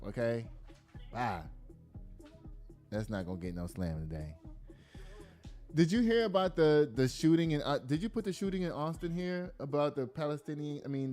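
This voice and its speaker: Casual male news-commentary host, slangy and animated, faint music underneath. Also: mid-range voice. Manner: animated, slangy, reacts aloud while reading.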